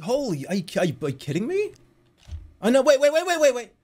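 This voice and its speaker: Excitable male streamer with a bouncy voice. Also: very high-pitched, fast talker. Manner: excitable, yelps and swears, breaks into laughter. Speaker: live streamer. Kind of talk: casual live-stream chatter while gaming.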